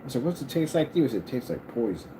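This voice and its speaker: A man hosting his own channel, talking in a casual rambling monologue and jumping up high when he quotes people. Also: racing, noisy background. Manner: animated storyteller, jumps high for quoted lines; scolding, talks straight to a critic. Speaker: channel host.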